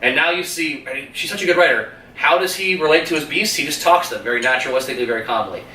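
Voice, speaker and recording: A podcast co-host in a casual movie review chat retells a film's plot in a bright, forceful, fairly high voice, rapid-fire and animated, swearing freely and laughing between scenes. He sits well away from the mic in a roomy, echoing space with a faint hum behind him.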